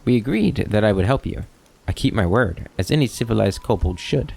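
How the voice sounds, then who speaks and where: Man reading as Krennic, a sly gravelly kobold. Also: lowish voice, lively intonation, a little fast, darkish tone, full character voice. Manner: wry, rambling, mock-innocent. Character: sly talkative male kobold schemer.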